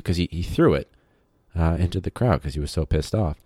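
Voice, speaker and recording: A man who teaches high school, talking in a rambling, casual podcast monologue full of fillers and digressions. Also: fairly quick, a little mellow, husky, dry recording, clean studio sound.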